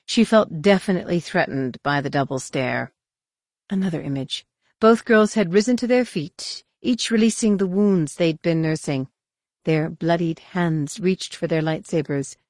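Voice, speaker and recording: A woman narrating a science-fiction audiobook in a measured, expressive reading on a close studio mic. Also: on the low side, no echo. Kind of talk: scripted narration.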